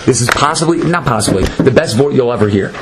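A man's voice: mid-range voice, expressive, fast talker. A man teaching a Torah lesson in an emphatic, dramatic way, often acting out the people in the story. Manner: emphatic, dramatic, acts out quotes. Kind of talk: animated Torah lecture. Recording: noisy lecture recording.

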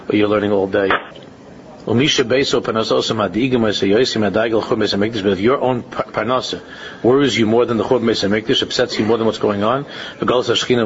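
A man's voice: lowish voice, vocal fry, a little hiss or hum. A man giving an informal religious talk, repeating his phrases and rising into emphatic questions. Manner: repetitive, restates phrases, rises to emphatic questions. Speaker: religious speaker. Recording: muffled lo-fi recording.

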